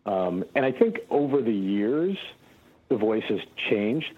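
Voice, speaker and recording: A man, a guest voice actor, telling relaxed anecdotes in a casual interview, with frequent fillers and restarts. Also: mid-range voice, moderate pace, slightly rough, phone-quality sound.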